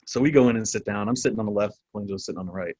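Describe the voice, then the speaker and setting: Low-voiced, profane veteran storyteller. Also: male voice, very fast, dry recording. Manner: profane, animated storyteller who laughs often. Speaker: military veteran guest. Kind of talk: casual storytelling interview.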